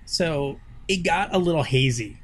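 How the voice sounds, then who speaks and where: A man's voice: on the high side, expressive, measured pace, a bit bright. A man co-hosting a podcast, rambling in casual banter and laughing often. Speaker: podcast co-host.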